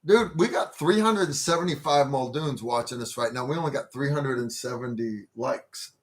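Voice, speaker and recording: A man's voice: mid-range voice, normal speed. A man hosting a casual livestream, rambling and joking about himself. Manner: joking, rambling, self-deprecating. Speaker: livestream host.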